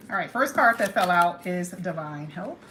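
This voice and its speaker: A woman's voice: on the low side, moderate pace. Woman reading tarot on camera, chatty, talks right to viewers, slight hiss behind. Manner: chatty, lively asides addressing viewers. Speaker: tarot reader.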